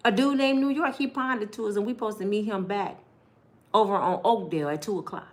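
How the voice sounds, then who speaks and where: A woman telling a personal story in a lively, colloquial way, acting out voices and laughing, addressing her listeners directly. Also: a little high, fast.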